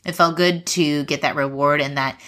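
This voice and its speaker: A woman's voice: low voice, fairly even intonation, moderate pace, sharp tone, dry recording, studio quality. A woman hosting a faith-based parenting podcast, talking in an earnest, chatty way and laughing easily. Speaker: podcast host. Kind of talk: casual podcast chat and ad read.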